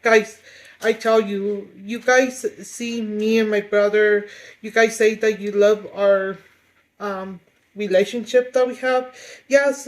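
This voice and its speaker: A woman's voice: on the high side, low-quality recording. A woman vlogging at home, speaking hesitantly with many restarts as she gets emotional. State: getting emotional. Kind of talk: emotional confessional vlog.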